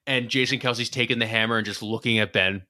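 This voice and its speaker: A man co-hosting a casual sports betting podcast, loose and excitable, swearing freely. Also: fairly low pitch, fast, no room sound, studio quality. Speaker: podcast co-host.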